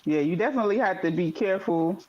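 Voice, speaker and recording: A man's voice: high-pitched, expressive, fast talker, a little mellow, dull audio. A man in a casual group chat, telling stories in a laid-back, rambling way.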